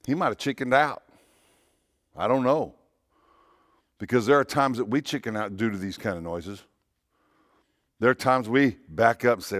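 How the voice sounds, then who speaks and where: A man's voice: medium pitch, expressive, measured pace, no room sound, clean studio sound. A man, a pastor, preaching a conversational sermon in church, repeating phrases and asking rhetorical questions.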